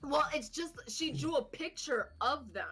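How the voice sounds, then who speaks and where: Woman cohost on a podcast, bright voice, sits a bit high, chatty and laughy, doing everyone's lines. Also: a little slow. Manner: animated, laughing storyteller acting out quotes. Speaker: podcast co-host. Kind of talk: casual chat storytelling.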